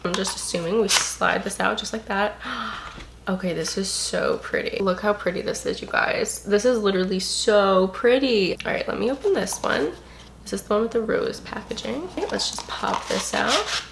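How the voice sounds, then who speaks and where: A young adult woman vlogging an unboxing, gushing and excitable, full of "like" and "you guys". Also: medium pitch, moderate pace, gravelly, slight background noise. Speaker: beauty and lifestyle vlogger. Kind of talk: casual unboxing vlog.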